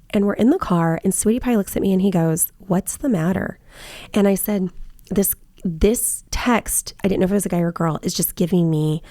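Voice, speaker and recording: A woman's voice: mid-range voice, warm tone, dry recording, clean studio sound. A woman realtor telling work stories in casual chat, acting out both sides of her phone calls. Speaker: realtor and podcast host.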